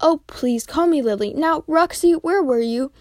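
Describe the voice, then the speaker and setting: A stern young schoolteacher, read out by a woman with a high voice, scolding the class in a homemade storybook reading. The recording is close and dry, with no room sound. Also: moderate pace, a little mellow, no echo, natural voice. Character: strict young female teacher.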